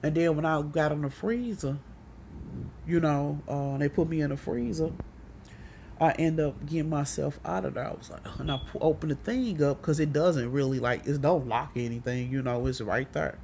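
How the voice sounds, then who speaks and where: Animated, profane woman telling a story. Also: low voice, moderate pace, gravelly, a little hiss or hum. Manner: animated, profane, rambling, acting out others' lines. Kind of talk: casual storytelling monologue.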